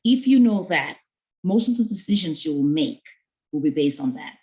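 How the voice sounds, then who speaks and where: A woman's voice: sits low, lively intonation, moderate pace, a little mellow, low-quality recording. A woman giving an earnest mentoring talk to young women, conversational and full of stories with quoted dialogue. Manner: conversational with fillers.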